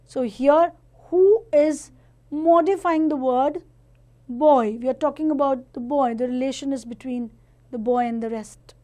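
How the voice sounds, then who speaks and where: A woman with a high voice teaches grammar to children. She moves at an unhurried pace and explains each point with care, the way a patient classroom teacher does. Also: mellow. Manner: slow, careful explaining to children.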